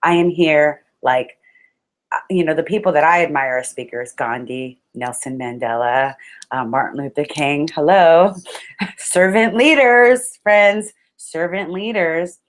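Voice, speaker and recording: A woman motivational speaker in a webinar, talking to her listeners like friends. Her voice sits a little low, and her delivery is animated and expressive, with sudden exclamations. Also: a little slow. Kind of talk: webinar talk on public speaking.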